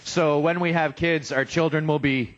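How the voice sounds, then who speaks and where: Young male comic, fairly high voice, stand-up set in a restaurant, dull lo-fi live recording. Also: fairly even intonation, normal speed. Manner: self-deprecating, joking, acts out quoted voices. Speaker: stand-up comedian.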